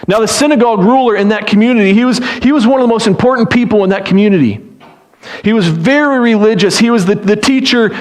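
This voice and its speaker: Animated high-voiced male pastor preaching. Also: fast talker. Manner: animated storytelling, acting out pleading voices; repeats words and restarts phrases. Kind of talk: sermon.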